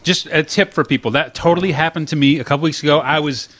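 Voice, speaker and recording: A man co-hosting a casual chat, telling stories in an animated, rambling way. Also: on the high side, quick pace. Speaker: podcast co-host.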